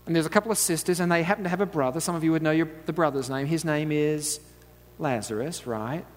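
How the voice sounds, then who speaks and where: A man delivers a relaxed, conversational sermon, mixing storytelling with light asides and frequent chuckles. He keeps drawing the audience in with quick questions. The sound has a long reverb, like a large church hall. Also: on the high side. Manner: chatty, asks the audience "right?", laughs often. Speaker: preacher.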